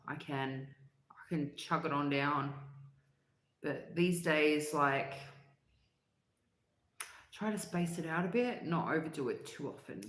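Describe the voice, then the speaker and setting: A woman's voice: sits low, slow, pauses often. A middle-aged woman, chatting casually on a livestream in a rambling way, laughing often and dropping slang. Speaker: livestream host. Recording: roomy echo.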